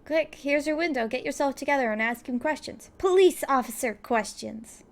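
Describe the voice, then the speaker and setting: A woman's voice: sits high, moderate pace. A woman giving playful, casual commentary while playing a game, reading its text aloud and laughing often. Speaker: let's player.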